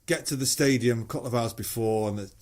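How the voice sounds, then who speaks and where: A middle-aged Mancunian musician, appearing as a guest, tells anecdotes in casual conversation, swearing freely and acting out the voices he quotes. He talks fast in a medium-pitched, darkish voice.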